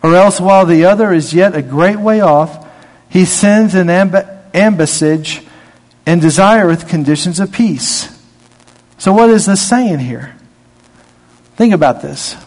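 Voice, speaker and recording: A man preaching a sermon in a conversational way, reading scripture aloud and rising in pitch to stress his points. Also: a little slow, a little mellow. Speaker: pastor. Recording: long hall reverb.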